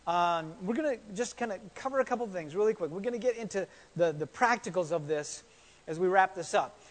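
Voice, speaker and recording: Male pastor, high voice, chatty sermon delivery with repeated words and questions, reverberant church sound. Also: lively intonation, brisk. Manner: conversational, repeats words, asks the congregation questions.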